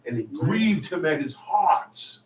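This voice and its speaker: A man preaches in a fairly high voice that is casual and conversational. He now and then bursts into shouts for emphasis. The sound is roomy and a little distant from the mic. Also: lively intonation, takes it slowly, a little hiss or hum. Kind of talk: sermon.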